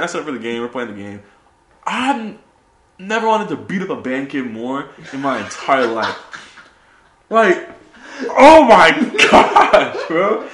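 A young man, a podcast host, telling animated stories in casual chat and saying "bro" a lot. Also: high-pitched, echoey room. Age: young adult.

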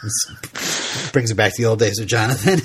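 A man's voice: fairly low pitch, lively intonation, moderate pace, background noise. A man hosting a podcast, recapping a TV episode in casual, rambling chat full of fillers and laughter. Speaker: podcast host.

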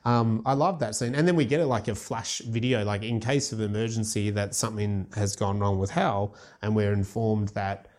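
A man's voice: fairly low pitch, fairly even intonation, normal speed, hardly any pauses, darkish tone. A man in casual conversation, retelling a film scene in a rambling way with lots of fillers and restarts.

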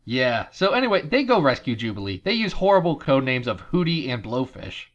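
A man's voice: medium pitch, sing-song, a little fast, dull audio. A man hosting a podcast, recapping a movie in casual chat with sarcastic asides over a remote call. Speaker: podcast host.

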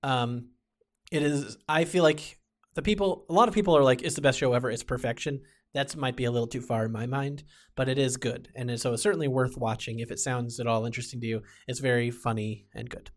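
A man's voice: medium pitch, fairly even intonation, brisk. A man chatting casually about TV shows, rambling with many fillers and restarts. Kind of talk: casual chat.

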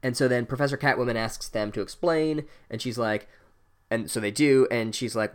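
A young man giving a sarcastic, profane comedic recap of a book chapter in a deadpan voice. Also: mid-range voice, moderate pace, smooth.

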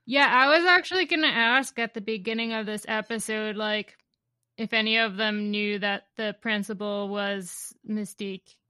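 Woman, podcast co-host, teasing and laughing, bright smooth voice, dry close sound. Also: mid-range voice, normal speed, no room sound. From New Jersey. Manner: teasing, laughing, playfully corrective. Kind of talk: casual recap chat.

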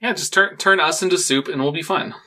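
Male podcast co-host, slightly high, bright voice, relaxed casual banter. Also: brisk. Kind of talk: casual chat.

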